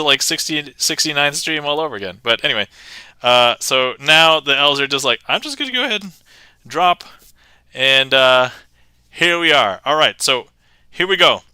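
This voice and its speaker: A man streams from a home setup with a very bright, crisp voice, joking loosely as he narrates card tricks. He laughs often and reads viewer comments aloud. The sound is dry and close, with no room echo. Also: a little high. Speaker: magic livestreamer. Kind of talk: casual live-stream chat while performing card tricks.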